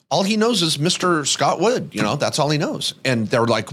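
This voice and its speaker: A middle-aged man hosting a podcast, telling an anecdote in a lively way and acting out the people in it. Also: mid-range voice, moderate pace. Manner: lively, acts out voices in anecdotes. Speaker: podcast host. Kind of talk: animated storytelling chat.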